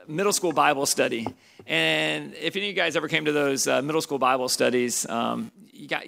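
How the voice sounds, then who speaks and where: A man's voice: fairly high pitch, creaky, bright, forceful tone. A man teaching a youth Bible study as its pastor, asking questions and calling on students by name. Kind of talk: interactive Bible study lesson.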